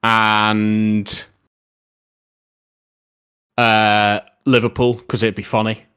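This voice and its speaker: A man's voice: lowish voice, flat delivery, drawn-out words, fairly bright tone, smooth. A young man streaming live, chatting casually about football and answering viewer questions in a rambling, opinionated way.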